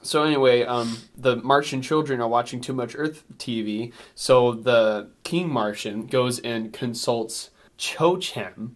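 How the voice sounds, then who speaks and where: A man's voice: medium pitch, a little slow. A man co-hosting a casual podcast, rambling with lots of fillers and frequent laughs. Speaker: podcast co-host reviewing a film. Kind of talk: casual chat.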